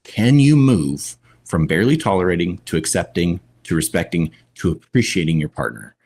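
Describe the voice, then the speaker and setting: A man guest on a podcast, speaking in a reflective, deliberate way with long pauses. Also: low-pitched, animated, darkish tone, slightly rough. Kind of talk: conversational podcast talk.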